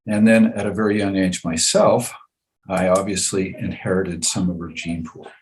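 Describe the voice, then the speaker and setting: Low-voiced male guest; earnest, folksy, measured storyteller. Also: steady tone, slight background noise, low-quality recording. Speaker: podcast guest. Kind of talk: personal storytelling in an interview.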